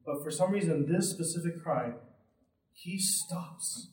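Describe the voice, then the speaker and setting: A man's voice: on the high side, measured pace, a little mellow. A man preaching a sermon as pastor, earnest and direct, often checking in with his listeners by asking "right?". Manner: earnest and direct, with frequent tag questions. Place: church sanctuary. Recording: roomy sound from a distant mic.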